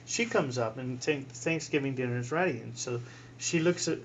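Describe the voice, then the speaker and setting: A man in his sixties, a priest, telling a personal story in an interview, animated, acting out voices and laughing often. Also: medium pitch, moderate pace, slight background noise.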